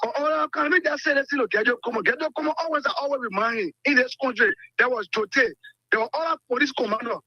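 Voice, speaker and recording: A man's voice: very high voice, fast talker, no room sound. A man calling in to a radio show, talking in a rambling, insistent way. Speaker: caller. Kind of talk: call-in commentary. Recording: dull phone line.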